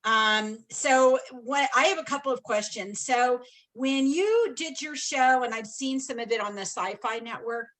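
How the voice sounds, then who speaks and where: A chatty woman taking part in a workshop asks her questions in a rambling, self-deprecating way. Her voice sits a little high and sounds bright and tense. It sounds like an online video call. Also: low-quality recording. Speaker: workshop participant asking questions. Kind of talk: casual question-asking.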